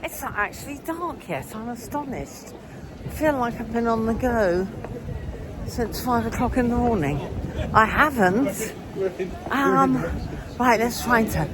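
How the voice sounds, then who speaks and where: An older woman in her sixties records a chatty vlog on a city street, her voice rising and falling a lot as she goes. She speaks slowly and gets a little breathless while walking. Traffic and street noise are clearly heard behind her. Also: on the high side, animated. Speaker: vlogger. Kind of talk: casual vlog to camera. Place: busy street outdoors in the city.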